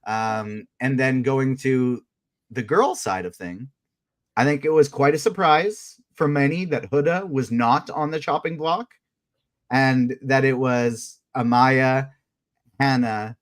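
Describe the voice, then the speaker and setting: A man's voice: mid-range voice, unhurried. A man co-hosting a live fan podcast, chatting casually in a self-amused way with stumbling restarts. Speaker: podcast co-host. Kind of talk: casual recap chat.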